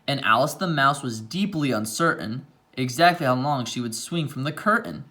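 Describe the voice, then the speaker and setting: A man reading a rhyming picture book aloud, pausing now and then for quiet asides about the pages. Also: medium pitch, lively intonation.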